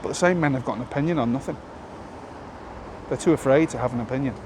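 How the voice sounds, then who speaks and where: A man's voice: medium pitch, fast. A man vlogging outdoors on a town walk, rambling and opinionated, full of rhetorical questions. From Britain. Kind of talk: casual walking monologue. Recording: outdoor street noise.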